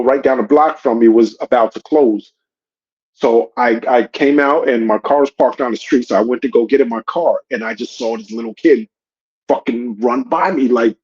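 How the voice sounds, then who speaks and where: A man hosting a podcast, telling a story in a casual, slangy, animated way. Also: medium pitch, dull audio. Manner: slangy and animated, says "yo" and "you know what I'm saying". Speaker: podcast host.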